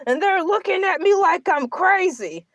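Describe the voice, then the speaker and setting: A woman's voice: very high-pitched, animated, normal speed, no room sound. A woman voicing a boastful, self-pitying male shark who hosts a comedic livestream and rambles through melodramatic complaints. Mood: determined. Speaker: livestream show host in character. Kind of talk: comedic character livestream monologue.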